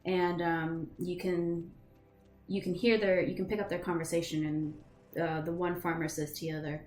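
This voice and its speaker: A young woman runs a tabletop game in a loose, chatty way, pausing often with ums. Her voice sits fairly low for a woman. The room is echoey, with faint music playing behind her. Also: level tone, a little mellow. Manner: casual, many ums and restarts. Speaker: game master.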